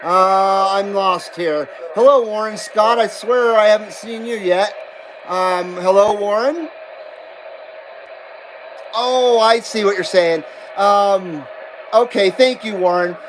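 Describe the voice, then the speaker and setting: A man hosting a CB radio livestream, chatting casually and reading out viewer comments in a laid-back, drawn-out way. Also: sits high, rough recording. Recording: steady background noise.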